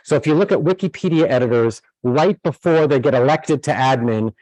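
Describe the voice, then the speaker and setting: A man's voice: medium pitch, a little fast, hardly any pauses, darkish tone, no room sound, rough recording. A man giving a university lecture who explains in steps, with many fillers and restarts.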